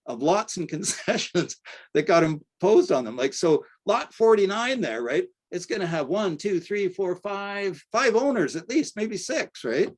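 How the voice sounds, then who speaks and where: An older man giving an academic lecture in a conversational way, often checking in with "right?" and pausing on fillers. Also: sits high, very animated. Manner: conversational, tags points with "right?", frequent fillers. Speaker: archaeology lecturer.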